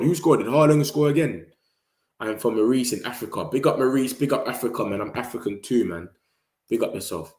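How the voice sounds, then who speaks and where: A man's voice: fairly low pitch, a little mellow. Slangy young man, echoey room. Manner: rambling, slangy, reacts to the match. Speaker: football vlogger. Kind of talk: casual live-stream chat.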